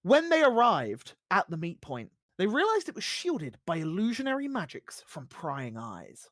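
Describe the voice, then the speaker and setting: A game master narrating a tabletop role-playing session with lively storytelling. The pitch rises and falls freely. The sound is close and dry, with no room echo. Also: normal speed.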